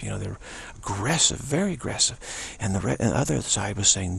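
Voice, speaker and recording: In an informal spiritual talk, a male teacher tells stories animatedly, acting out other people's voices and often repeating or restarting his words. His lowish voice is fairly quick, slightly rough, and full of vocal fry, with hardly any pauses.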